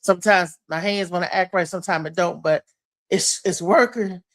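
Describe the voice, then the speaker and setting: A woman hosting a casual live-stream chat at home, animated, with loud exclamations. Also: fairly low pitch, normal speed. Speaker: host.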